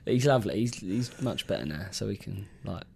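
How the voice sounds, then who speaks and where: A man's voice: lowish voice, lively intonation, a little fast, vocal fry. A man telling a funny story in casual podcast chat. He acts out other people's voices and laughs often. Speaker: podcast co-host. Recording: noisy podcast recording.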